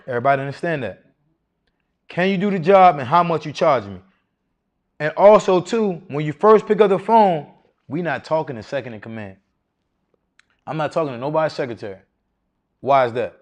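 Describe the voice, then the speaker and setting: A man's voice: on the high side, lively intonation, normal speed, long pauses. A man teaching a live seminar to an audience in a room, casual and confident, often asking the crowd rhetorical questions. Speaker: seminar speaker teaching contracting.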